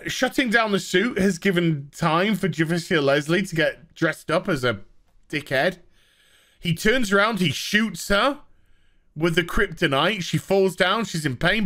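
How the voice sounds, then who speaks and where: A man's voice: sits high, bright, forceful tone. A man ranting through a sarcastic, exasperated TV episode review, mocking the characters as he recounts the plot.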